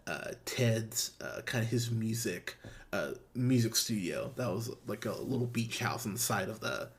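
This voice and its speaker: Young man, podcast host, casual review, enthusiastic, swears freely, mid-pitched voice. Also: fairly bright tone. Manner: enthusiastic, profane, full of restarts and fillers.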